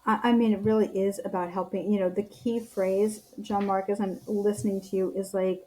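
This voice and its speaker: Woman guest, leadership coach; mellow, soft-toned, earnest, encouraging, lots of "um" and "you know". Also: mid-range voice, level tone, normal speed, a little hiss or hum, rough recording. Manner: earnest, encouraging, with frequent fillers and restarts. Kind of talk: casual interview chat.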